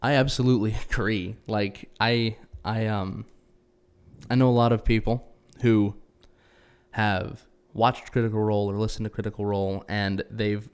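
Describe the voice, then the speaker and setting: A man's voice: lowish voice, little pitch movement, normal speed, a little mellow, smooth. A man who is a guest on a casual podcast, chatting agreeably about tabletop games and often restarting his sentences.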